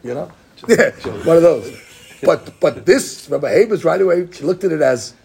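A man's voice: on the high side, lively intonation, normal speed, gravelly, a little mellow, a little hiss or hum. A middle-aged man, a rabbi, gives an informal Torah class, talking conversationally with digressions and many restarts.

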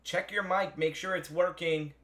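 A man's voice: fairly high pitch, fairly even intonation, normal speed, a bit bright. A man co-hosting a comedy podcast, giving plain, offhand instructions. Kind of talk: casual comedy podcast chat.

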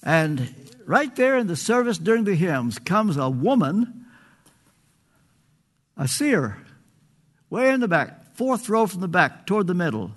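A man's voice: sits high, big pitch swings, unhurried, pauses often. An older man preaching a sermon, earnest and pleading, stretching out phrases for emphasis.

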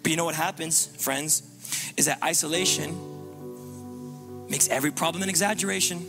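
A man preaching a sermon as pastor, impassioned and repetitive, swinging between loud urging and hushed low passages. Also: moderate pace, over music.

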